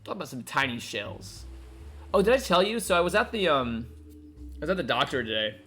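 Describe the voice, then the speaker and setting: A man's voice: fairly high pitch, sing-song, fairly quick, a bit bright, breathy edge, faint music behind. A man from North Carolina streaming a detective game, chatting casually, joking and laughing often. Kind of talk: casual gameplay commentary.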